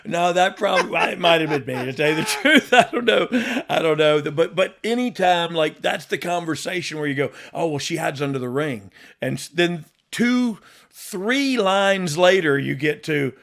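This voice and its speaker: A man's voice: sits high, lively intonation, normal speed, creaky, a bit bright. A middle-aged man hosting a podcast, chatting casually in a rambling way with frequent laughs and restarts. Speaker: podcast host, former wrestler. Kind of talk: casual chat.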